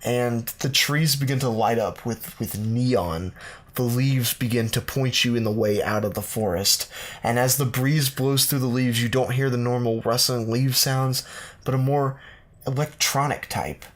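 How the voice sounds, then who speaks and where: A man co-hosting a podcast, improvising a playful fantasy story with many fillers and pauses. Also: mid-range voice, fairly even intonation. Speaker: podcast co-host narrating a comic fantasy story.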